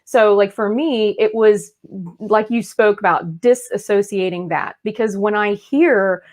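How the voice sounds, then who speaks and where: A woman's voice: steady tone, a little slow, a little mellow. A woman in her thirties co-hosting a podcast in casual chat, talking freely and laughing often. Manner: chatty, laughs often, puts on squeaky voices to make a point. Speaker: podcast co-host.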